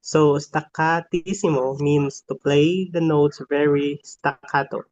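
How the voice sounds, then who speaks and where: Slow flat-reading man. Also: a little high. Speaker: student reader. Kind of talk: reading definitions aloud. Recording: dry, dull lo-fi sound.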